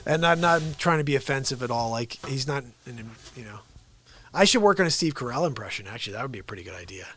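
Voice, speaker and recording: A man's voice: medium pitch, lively intonation, fairly bright tone, slight background noise. Rambling male livestream host. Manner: rambling, quick asides, chuckling. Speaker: host and impressionist. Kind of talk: casual livestream chat.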